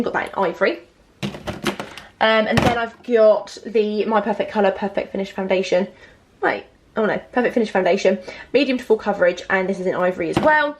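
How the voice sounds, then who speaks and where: A young woman, chatting excitedly through her makeup collection with lots of fillers and asides. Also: medium pitch, background noise. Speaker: beauty vlogger. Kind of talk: casual makeup collection vlog.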